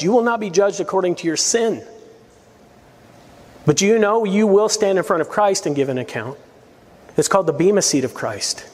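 A man's voice: high voice, big-room sound. A man preaching a verse-by-verse sermon as pastor, earnest and emphatic, with rising appeals to his listeners. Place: church sanctuary.

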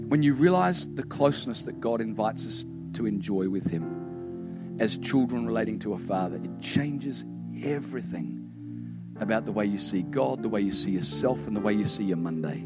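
A man, a pastor giving a sermon with personal stories, talking conversationally and turning hushed toward the close. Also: medium pitch, lively intonation, normal speed, over music.

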